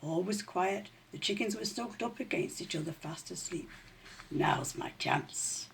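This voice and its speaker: A woman reading a children's story aloud in an expressive, animated way. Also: mid-range voice, moderate pace, vocal fry, a little hiss or hum.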